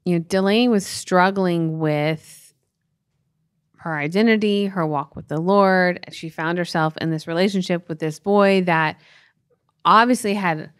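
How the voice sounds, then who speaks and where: Woman, 40s, parenting podcast co-host; earnest and tender storyteller, slightly low voice, dry close mic. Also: a little slow, no room sound. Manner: earnest, tender, with many "you know" fillers. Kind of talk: emotional personal story on a podcast.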